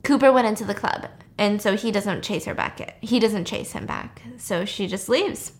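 A woman's voice: medium pitch, moderate pace. A woman casually retelling a movie plot to a listener. She tells it with animation and some profanity. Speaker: host recapping a film. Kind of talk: casual chat.

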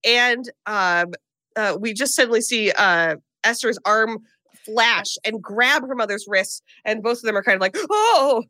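A woman co-hosting a podcast, telling a movie plot in animated, comic style and acting out the characters' lines. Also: mid-range voice, normal speed, dry recording. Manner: animated storytelling, acts out characters' lines in put-on voices. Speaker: podcast co-host recapping a film. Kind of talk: casual comedic movie recap.

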